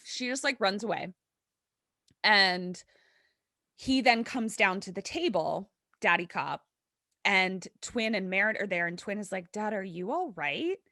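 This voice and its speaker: Animated, profane woman recapping with dry sound. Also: mid-range voice, measured pace, pauses often, dry recording. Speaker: podcaster retelling a horror episode. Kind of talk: casual live recap. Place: live event stage.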